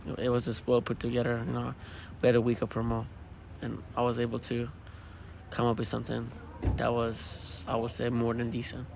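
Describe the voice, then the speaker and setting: A hoarse man with a gravelly, low-energy voice talks loosely about running a show. His delivery stays flat and tired, full of fillers. Faint event noise sits behind him. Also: fairly quick, few pauses. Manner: tired, laid-back, rambling with fillers. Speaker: DJ and show organizer. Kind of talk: casual post-show interview. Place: at a live event venue after a show.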